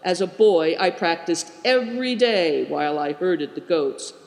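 A man's voice: high voice, a little slow, vocal fry. Man doing a humble ex-soldier, earnest, apologetic, echoey room with long reverb. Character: weathered male former soldier, modest marksman.

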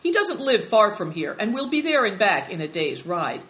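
A woman's voice: mid-range voice, sing-song, moderate pace, fairly bright tone, voice pushed up. Lady doing a polite friendly herdsman, very courteous, storybook voice. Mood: amiable. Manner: polite, gracious. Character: amiable, courteous older herdsman host. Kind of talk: storybook reading.

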